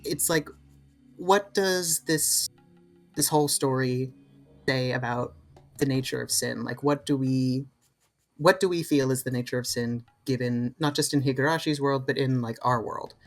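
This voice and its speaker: A podcast co-host in a casual discussion, thinking out loud and halting often with fillers. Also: medium pitch, soft background music. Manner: thoughtful, rambling, halting with many fillers.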